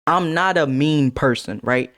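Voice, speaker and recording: A young man streaming, telling a wild high school story to his chat, laughing and swearing as he goes. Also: unhurried, fairly bright tone. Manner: swearing, laughing, big dramatic voice swings. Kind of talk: animated storytelling to a live chat.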